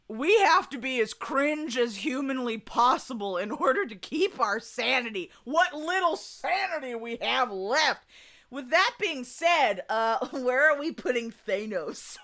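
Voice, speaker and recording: A woman's voice: sits high, expressive, unhurried, a bit bright. A young woman with a Southern US accent chatting casually on a live stream, laughing often and swearing freely. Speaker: streamer chatting with her chat.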